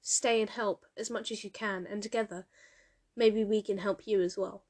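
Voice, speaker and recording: A woman's voice: medium pitch, fairly even intonation, moderate pace, darkish tone, lightly acted. A woman reading the lines of an anguished immortal male king and father, earnest and pleading. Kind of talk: audiobook character reading.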